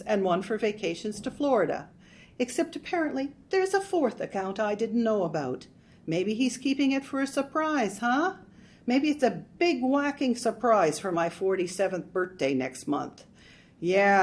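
A woman's voice: mid-range voice, very animated, normal speed, lightly acted. A woman voicing a bitter, sarcastic middle-aged housewife in an audiobook story, talking in an exasperated, sardonic way. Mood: bitter sarcasm.

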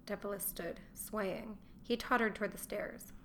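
A woman reads a historical novel aloud in a steady, measured way. Her voice sits mid-range, and a faint hiss of background noise runs under it. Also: medium pitch. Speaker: audiobook narrator. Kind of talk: scripted narration.

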